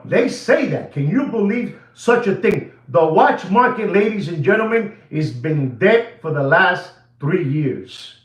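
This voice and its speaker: A man's voice: fairly high pitch, echoey room, highs cut off. A man hosting a watch channel livestream, ranting in a repetitive, emphatic way to his viewers. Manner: repetitive, animated, emphatic, addresses ladies and gentlemen. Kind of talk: livestream rant.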